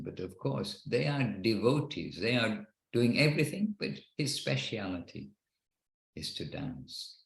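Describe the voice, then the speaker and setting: Earnest low-voiced man in an echoey room. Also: vocal fry. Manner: rambling, earnest, with frequent restarts. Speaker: class leader. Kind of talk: online devotional class talk. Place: home in Wexford, Ireland, on a video call.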